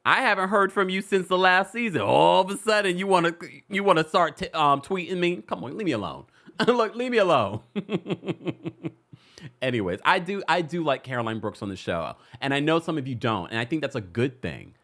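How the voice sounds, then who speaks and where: Male host, celebrity gossip talk, casual, teasing, laughs a lot, very expressive pitch. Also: normal speed. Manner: animated, laughing, playful teasing. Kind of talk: casual commentary to a live chat.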